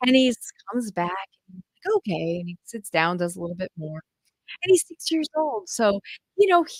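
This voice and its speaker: Animated, enthusiastic woman homeschool coach. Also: mid-range voice, moderate pace, no room sound, rough recording. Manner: enthusiastic, chatty, addresses listeners as "you guys". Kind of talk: direct-to-audience podcast monologue.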